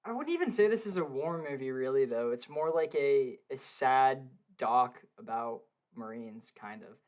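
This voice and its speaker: A young man chatting casually on a podcast from his home basement, excitable, swearing a lot and laughing often. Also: mid-range voice, normal speed. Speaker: podcast co-host. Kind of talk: casual film review chat.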